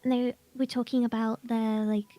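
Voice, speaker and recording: Woman guest, high bright-pitched chatter, animated, acts out every quote. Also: normal speed. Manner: animated storyteller, acts out quotes, laughs a lot. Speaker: guest, voice actor. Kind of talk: casual chat.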